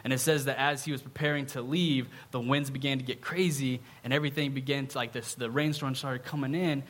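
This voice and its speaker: A man preaching in a relaxed, conversational tone with a middle-pitched voice. He keeps checking in with his listeners as he talks them through a story. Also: fairly quick. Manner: conversational, often adds a questioning "right?". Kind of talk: casual sermon.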